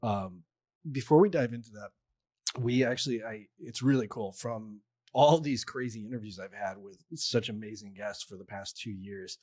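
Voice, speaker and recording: A man hosting an interview podcast, chatting casually while fighting a cold, relaxed and quick to joke. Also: fairly low pitch, no echo, studio quality. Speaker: podcast host.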